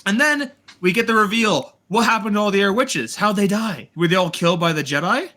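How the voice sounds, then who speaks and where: A man hosting a casual review chat, retelling scenes in an animated, sarcastic way with swearing. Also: high voice, fairly quick. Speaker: host reviewing a TV series.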